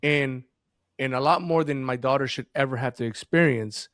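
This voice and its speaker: A man talking about fatherhood as a podcast guest, in an earnest, animated storytelling way. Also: mid-range voice, normal speed, no room sound, clean studio sound. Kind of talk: casual podcast conversation.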